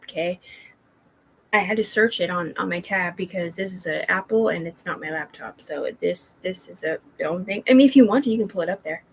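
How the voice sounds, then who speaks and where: A woman's voice: medium pitch, brisk, husky, low-quality recording. A woman rambling to her viewers from home, drifting between topics with plenty of fillers and restarts. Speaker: vlogger talking to viewers. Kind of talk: rambling livestream chat.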